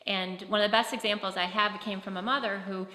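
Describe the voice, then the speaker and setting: Bright-voiced woman presenting in an echoey hall. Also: mid-range voice, fairly even intonation, a little fast. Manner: conversational with many fillers and restarts. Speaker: presenter on autism. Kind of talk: conference talk. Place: conference hall. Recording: echoey hall with long reverb.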